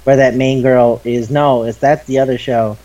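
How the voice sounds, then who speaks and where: A man in his twenties co-hosting a casual chat podcast, excitable and quick to swear. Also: mid-range voice, lo-fi sound. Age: 20s. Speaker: podcast co-host. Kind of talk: casual chat about anime.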